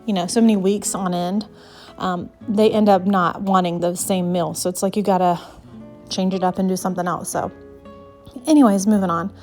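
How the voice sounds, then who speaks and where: A woman's voice: fairly low pitch, little pitch movement, normal speed, darkish tone, faint music behind. A young woman chatting through a casual home cooking voice-over, a little out of breath, rambling with lots of fillers. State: slightly out of breath. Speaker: vlogger, mother of six.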